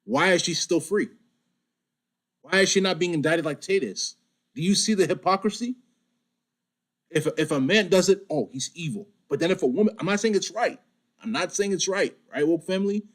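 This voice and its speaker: A man's voice: sits high, moderate pace. A man hosting a casual podcast chat, arguing his point with pointed questions. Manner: questioning, argumentative.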